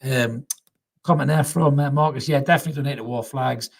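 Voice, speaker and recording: A husky-voiced middle-aged man, chatting casually as he hosts a live stream. He talks at an ordinary pitch, swears freely and piles on repeats like "really, really" for emphasis. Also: brisk. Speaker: fan channel host reading live chat.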